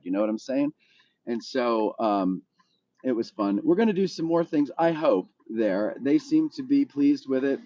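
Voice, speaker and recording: A man's voice: mid-range voice, animated, normal speed, warm tone, muffled recording. A man hosting a live stream from a car, with an easygoing, rambling manner, talking straight to viewers and answering their comments in his morning voice. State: still has his morning voice.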